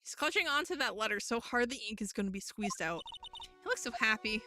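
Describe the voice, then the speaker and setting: A woman's voice: a little high, lively intonation, fairly quick, over music. A woman streamer giving playful commentary while playing a game and reading its text aloud.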